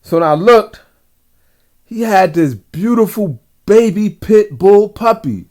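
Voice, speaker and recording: A man recounts a dream in a loose, rambling way, speaking straight to his audience with plenty of slang. His voice sits a little higher than most men's. It sounds unscripted and personal, like a casual vlog. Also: lively intonation, slow pace, a little mellow. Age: adult father. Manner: rambling, talks to viewers directly, slangy. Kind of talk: casual storytelling.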